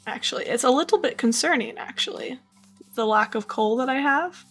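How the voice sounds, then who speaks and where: Woman, streamer, casual gameplay chatter, playful, sleepy, slightly high voice, soft music behind. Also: brisk. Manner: chatty, muttering to herself, playful, repeats phrases. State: yawning, tired.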